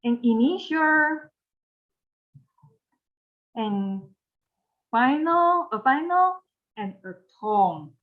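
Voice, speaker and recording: A woman whose first language is Mandarin gives a recorded pronunciation lesson, slow and patient and often repeating a phrase. Her voice sits a little high. The recording is dull and lo-fi. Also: lively intonation. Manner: patient, repeats phrases, spells out each step. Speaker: Mandarin teacher.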